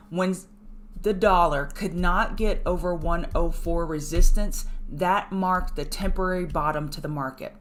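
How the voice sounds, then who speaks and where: Brisk, emphatic woman calling market levels. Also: lowish voice. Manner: brisk, emphatic, repeats key points; chatty asides to viewers. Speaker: trading show host. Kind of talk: live market chart analysis.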